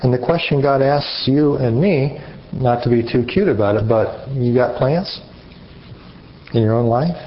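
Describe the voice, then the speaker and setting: Male preacher, animated interactive sermon, questions audience, muffled lo-fi recording. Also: medium pitch, a little slow.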